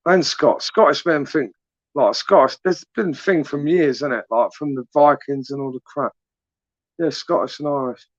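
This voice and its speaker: A man's voice: on the high side, normal speed, no room sound. Chatty lo-fi southern English man. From England. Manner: chatty, teasing, rambling. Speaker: livestream host. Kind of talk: casual live chat reading comments. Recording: dry, dull lo-fi sound.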